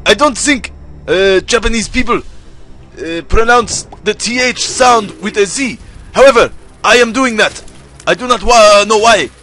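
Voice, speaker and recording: High, bright-voiced young man gaming. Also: a little slow, soft background music. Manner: rambling, self-deprecating, putting on exaggerated accents. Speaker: gaming video host. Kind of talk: let's play commentary.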